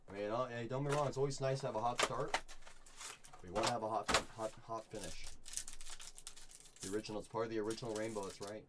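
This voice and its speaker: A man hosting a live card break, chatting with viewers and calling out each pull with bursts of excitement. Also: on the low side, fast, long pauses, very noisy. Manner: upbeat, chatty, reads chat and calls out pulls with bursts of excitement.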